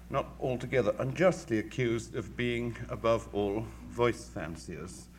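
A man, a music critic, giving a measured, articulate lecture with dry wit. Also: medium pitch, a little hiss or hum. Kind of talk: formal lecture.

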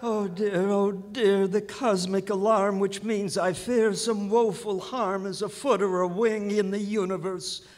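An actor playing a flustered, fussy official of the cosmos in a rhymed radio play, fretting theatrically in verse. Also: male voice, sits high, little pitch movement, unhurried, few pauses, soft background music. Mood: fretful. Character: flustered cosmic official, fussy middle-aged man. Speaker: vice president in charge of physiochemistry.

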